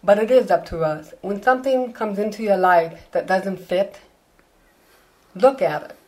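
An older woman, an author being interviewed, telling animated self-mocking anecdotes and acting out the dialogue. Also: medium pitch, unhurried, rough recording. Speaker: author guest. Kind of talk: interview storytelling.

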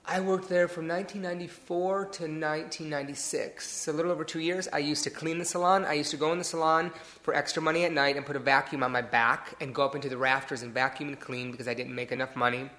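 A man's voice: a little high, steady tone, fast, few pauses, sharp tone. A man from Detroit, a hairstylist, telling his story in a casual interview and acting out the people he quotes. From Detroit area, USA. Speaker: hairstylist guest.

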